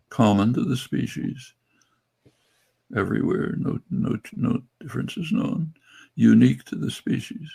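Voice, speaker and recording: Older man with a deeply gravelly, rough voice and a husky breathiness, speaking in slow, deliberate phrases. He explains ideas in a calm academic register. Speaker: guest speaker.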